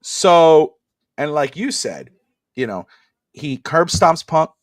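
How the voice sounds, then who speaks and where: A man co-hosting a wrestling podcast, chatting casually and animatedly, acting out wrestlers' lines with sudden shouted bursts. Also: on the high side, big pitch swings, slow, no room sound, studio quality. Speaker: podcast co-host. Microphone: podcast mic on a live stream.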